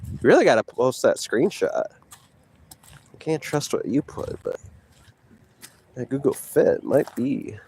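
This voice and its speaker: A man's voice: mid-range voice, very animated, slow pace, long pauses, a little mellow, slight background noise. A man vlogging outdoors while walking, taunting and boasting at a rival through a handheld phone. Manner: taunting, boastful, talks to a rival between breaths. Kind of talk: trash-talking walk vlog. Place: outdoors on a walk.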